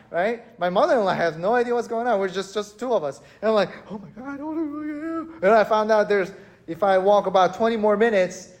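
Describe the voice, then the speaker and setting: A male pastor preaching a sermon in a church, telling a story with animated, acted-out panic. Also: high voice. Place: church hall.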